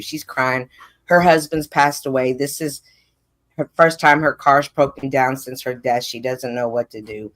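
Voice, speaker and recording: Woman on a stream telling her faith story, earnest, gets animated. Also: rumbling low, measured pace. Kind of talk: casual conversation about faith. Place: live stream call.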